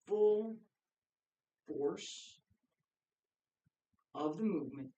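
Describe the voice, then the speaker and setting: Slow, calm man teaching qigong. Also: high-pitched, far from the mic. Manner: slow, calm counting of breaths. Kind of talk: guided practice and explanation. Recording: echoey room, voice from off-mic.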